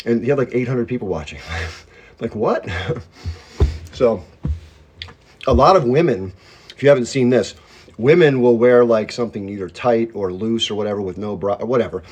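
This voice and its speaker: A man's voice: mid-range voice, normal speed, pauses often, a little mellow, slightly rough. A man hosting a casual livestream from home, rambling and greeting viewers by name as their comments come in. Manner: self-described hyped-up talker. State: chewing while talking. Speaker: livestream host. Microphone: phone.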